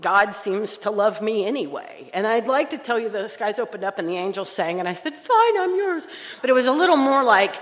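A woman's voice: medium pitch, lively intonation, a little fast, few pauses. A woman speaking at a recovery conference, sharing her story with candid, self-mocking humor. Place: conference hall. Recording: live talk in a reverberant hall.

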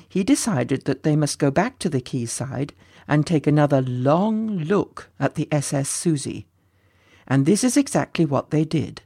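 A narrator reading a children's storybook aloud in a gently expressive way. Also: medium pitch, gravelly, dry recording, clean studio sound.

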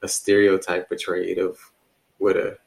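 Low-voiced, relaxed man from D.C. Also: a little slow, vocal fry, rough recording. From Washington, D.C. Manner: relaxed, reflective, many "you know" fillers. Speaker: podcast co-host. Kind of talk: casual conversation.

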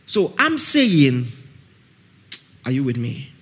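A man's voice: mid-range voice, wildly swooping pitch, slow pace, fairly bright tone, slightly rough. A man with a Nigerian accent preaching a sermon at a camp meeting. He is emphatic, repeats key phrases and keeps asking his listeners whether they follow him.

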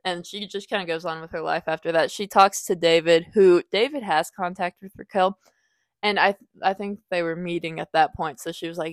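A woman's voice: steady tone, a little fast, no room sound. A young woman hosting a casual podcast book review, rambling and correcting herself as she retells the plot. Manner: rambling, self-correcting, acts out quoted lines in a higher voice.

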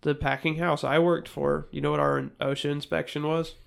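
A man's voice: fairly high pitch, little pitch movement, normal speed, vocal fry, clear, resonant tone. A man who once worked at a packing house, chatting casually and profanely, blunt in tone and explaining things step by step.

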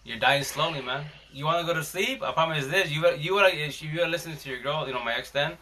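Bright-voiced man telling a rambling story. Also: a little high, quick pace. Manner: rambling, slangy, frequent restarts. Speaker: live stream host. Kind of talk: casual storytelling chat.

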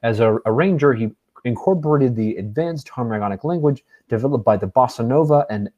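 A man's voice: mid-range voice, a little fast, dark tone, lo-fi sound. A man co-hosting a music podcast, reading a composer's bio from notes before telling a folksy joke. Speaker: podcast co-host. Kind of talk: reading an introduction then casual chat.

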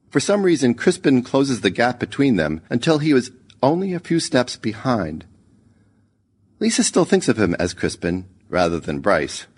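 Man, story narrator, husky, lively intonation, measured. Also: low-pitched. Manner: measured, expressive reading. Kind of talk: scripted short story narration.

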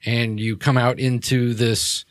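A man's voice: medium pitch, flat delivery, unhurried, no room sound, clean studio sound. A man running a tabletop game as game master, narrating in a casual way with frequent fillers. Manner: casual, many fillers and restarts.

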